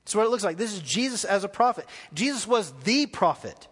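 A man's voice: high voice, sing-song, brisk, fairly bright tone, breathy edge, long reverb tail. A man preaching a live sermon as pastor, asking the congregation questions as he goes. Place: church hall.

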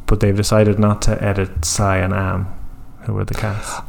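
Low-voiced Irish man in casual chat. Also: completely flat delivery, normal speed, vocal fry, a little mellow. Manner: earnest, thinks aloud with frequent restarts. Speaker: podcast co-host. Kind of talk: casual film discussion.

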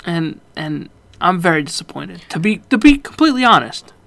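A man's voice: sits high, big pitch swings, normal speed, creaky. Profane, mock-outraged podcast co-host man. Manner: profane, mock-outraged, loud ranting bursts. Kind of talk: casual podcast banter.

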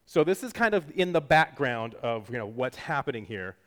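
A man's voice: mid-range voice, big pitch swings, normal speed, fairly bright tone. A man preaching a sermon in a casual, jokey teaching style, acting out quotes as he goes. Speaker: pastor.

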